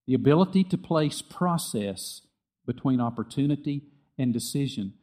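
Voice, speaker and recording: A middle-aged man preaching a sermon, earnest and repetitive, dropping soft and quiet when he tells a story. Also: mid-range voice, expressive, normal speed. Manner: earnest, repeats phrases, drops soft for quoted dialogue. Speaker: pastor.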